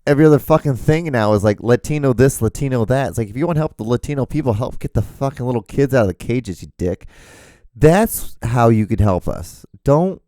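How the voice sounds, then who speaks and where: A man's voice: mid-range voice, expressive, brisk, mellow, no echo, studio quality. A man hosting his own solo podcast, rambling jokily and swearing freely in a casual monologue. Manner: rambling, profane, jokey. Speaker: podcast host.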